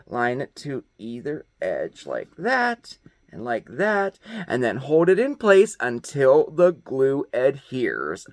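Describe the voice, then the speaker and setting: A chatty man walks viewers through a dollar-store craft project in a casual, upbeat way. His pitch swings up and down a great deal as he talks, and he keeps checking in with a quick "okay?". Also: fairly bright tone, dry recording. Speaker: host. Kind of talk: casual DIY craft demonstration.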